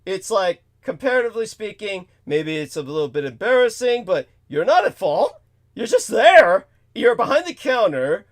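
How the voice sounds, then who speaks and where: High, lively-voiced man ranting. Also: moderate pace. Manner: profane, exasperated, swings between mutters and outbursts. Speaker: show host. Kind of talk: ranting storytelling monologue.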